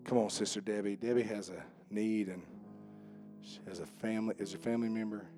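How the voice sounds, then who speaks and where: A male pastor, preaching a sermon that swings from shouting fervor to hushed, earnest prayer. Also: fairly low pitch, steady tone, fairly quick, faint music behind.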